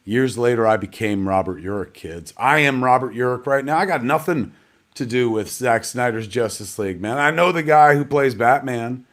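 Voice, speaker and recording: A man with a mid-range, fairly bright voice hosts a live digital premiere at a moderate pace. His talk is casual and meandering, full of self-mockery and the odd curse word.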